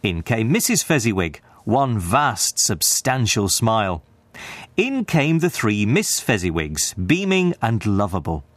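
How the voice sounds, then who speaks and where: A man giving an expressive, scripted narration of a classic story. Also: fairly low pitch, a little slow, no echo.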